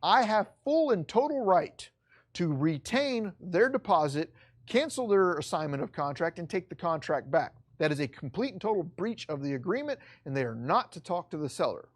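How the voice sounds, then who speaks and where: A real estate instructor giving an online course lecture, talking emphatically and bluntly, often repeating key points. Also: mid-range voice.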